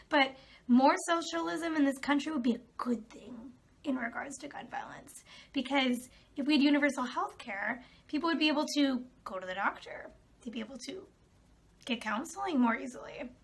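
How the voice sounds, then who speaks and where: A young woman vlogging, reading out comments and answering them in a sarcastic, exasperated way. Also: high voice. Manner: exasperated, sarcastic, laughs often. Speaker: video creator.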